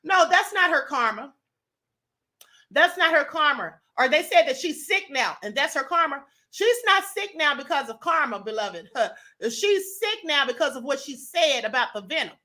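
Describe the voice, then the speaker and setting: A woman's voice: high voice, sing-song, moderate pace, pushed and bright. A woman from Kentucky, hosting a livestream and reading viewer comments in sassy, emphatic casual commentary, often saying honey and beloved. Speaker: livestream host.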